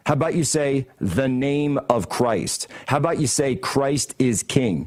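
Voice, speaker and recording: A man's voice: medium pitch, animated, measured pace, darkish tone. Male studio host, heated mocking commentary, mid-range voice. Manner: combative, sarcastic, mocking. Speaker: political talk show host. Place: broadcast studio.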